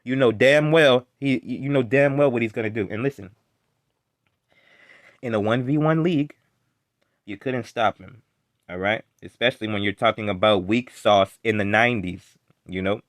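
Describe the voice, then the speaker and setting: A man's voice: mid-range voice, normal speed, long pauses, no room sound, studio quality. Exasperated man ranting over a clip. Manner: exasperated, heckling, stammering. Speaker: reaction video host. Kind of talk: casual reaction rant.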